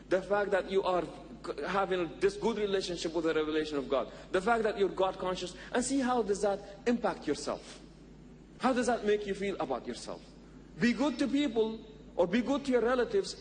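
High-voiced preacher in an echoey hall. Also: male voice. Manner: earnest, rhetorical, quotes Arabic sayings. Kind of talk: sermon. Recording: echoey hall with faint noise.

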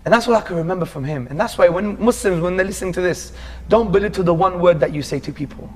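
An earnest man from England shares his life story in a relaxed sit-down conversation. His voice sits a little high for a man and he talks with lively, heartfelt energy, slipping into casual "bro"s as he goes. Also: fast, slight background noise. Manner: animated, earnest, calls the listener "bro".

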